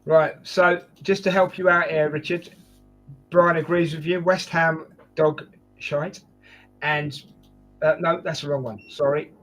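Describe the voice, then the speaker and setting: A man hosts a casual football chat show in a jokey, matey way. His voice sits a little high for a man, and faint music plays behind him. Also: fairly even intonation, normal speed, a bit bright. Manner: jokey, chatty, addresses guests as mate. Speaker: host.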